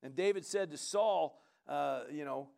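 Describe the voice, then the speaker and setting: A man preaching a sermon in a lively, conversational way, often asking the congregation "right?" and urging them on. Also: fairly high pitch, measured pace, creaky. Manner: animated, conversational preaching with frequent "come on" and "right?". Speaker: pastor.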